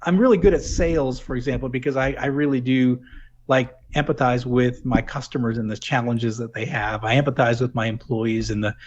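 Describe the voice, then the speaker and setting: A man's voice: mid-range voice, steady tone, brisk, dull audio, a little hiss or hum. A middle-aged man from New England who has lost his accent, talking things through as a podcast guest, with many restarts. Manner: reflective, full of restarts and "you know". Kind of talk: casual interview talk.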